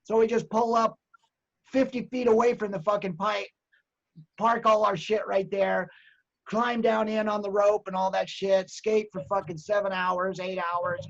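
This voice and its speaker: A man's voice: high voice, unhurried, gravelly, highs cut off. A man telling a story in casual, profane group chat, acting out the people he quotes. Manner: profane, animated, acts out quoted voices.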